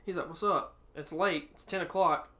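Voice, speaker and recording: A man co-hosting a podcast, telling a story in casual chat, laughing often and acting out quotes loudly. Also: a little high, moderate pace. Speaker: podcast co-host.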